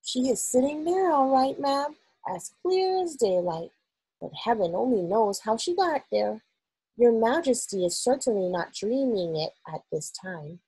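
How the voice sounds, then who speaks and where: A woman's voice: fairly high pitch, animated, a little slow, warm tone, slightly rough, no room sound, voice pushed up, full character voice, rough recording. A woman reading aloud, voicing a flustered, loyal maid speaking earnestly. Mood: astonished.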